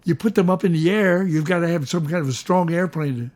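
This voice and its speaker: An older man with a fairly high voice talks through hymn harmony in a relaxed, enthusiastic way. He slows down to stress a point and hums snatches of melody. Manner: enthusiastic, sings melody fragments, slows for emphasis. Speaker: host, music teacher. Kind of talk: casual teaching chat.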